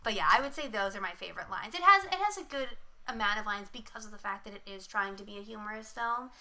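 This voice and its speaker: A woman's voice: mid-range voice, lively intonation, fast talker, pushed and bright. A young woman co-hosting a podcast in casual chat, chatty and wry, swearing casually. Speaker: podcast co-host.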